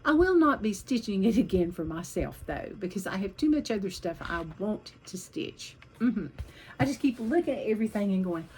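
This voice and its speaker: A woman's voice: mid-range voice, lively intonation, normal speed, a little mellow, slight background noise, low-quality recording. A woman vlogging about her cross-stitch projects in a chatty, rambling way, hopping from one topic to the next.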